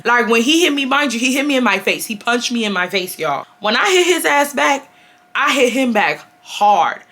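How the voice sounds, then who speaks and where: Bright-voiced animated young woman storyteller. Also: on the high side, moderate pace. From Houston, Texas. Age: 20s. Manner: animated, addresses viewers as y'all, heavy slang and swearing. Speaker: storytime vlogger. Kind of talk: casual storytelling to viewers.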